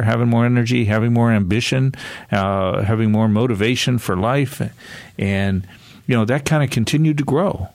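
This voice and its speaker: Gravelly older man telling stories. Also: on the low side, dry recording. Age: 60s. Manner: rambling, chuckling, many restarts. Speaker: author and guest speaker. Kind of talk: casual conversational storytelling.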